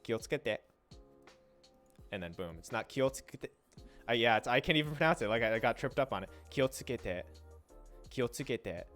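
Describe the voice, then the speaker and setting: A young man casually explaining Japanese pronunciation on a livestream, trailing off, restarting and sounding out syllables slowly. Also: medium pitch, expressive, fairly bright tone, faint music behind. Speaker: streamer teaching Japanese.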